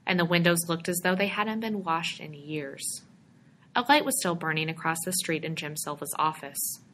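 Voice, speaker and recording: A woman narrating a storybook in a measured, expressive way. Her voice is bright and forceful, sitting somewhat low in pitch. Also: a little hiss or hum. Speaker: reader.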